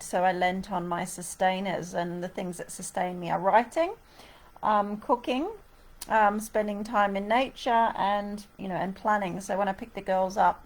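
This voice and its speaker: A middle-aged woman, chatting casually and upbeat to camera about wellness and her plans, with lots of fillers and asides. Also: medium pitch. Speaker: wellness author and workshop host. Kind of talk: casual reflective vlog to camera.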